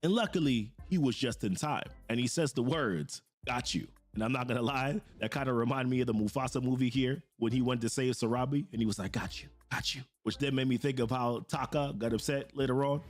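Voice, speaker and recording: A man casually recapping a game's story as a streamer, chatty and animated, with asides and fillers. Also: medium pitch, a little fast, few pauses. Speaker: gaming streamer.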